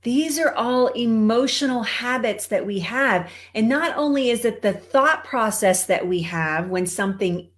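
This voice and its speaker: A woman's voice: mid-range voice, a bit bright. A woman with a Texan accent, a cancer coach giving a conversational motivational talk to live viewers. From Texas. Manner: conversational, greets viewers, laughs often.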